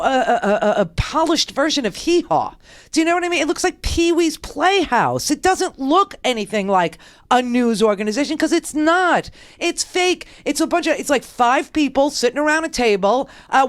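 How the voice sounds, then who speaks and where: A woman in her forties hosting a political talk radio show, scornful and rambling, full of fillers and restarts. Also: fairly high pitch.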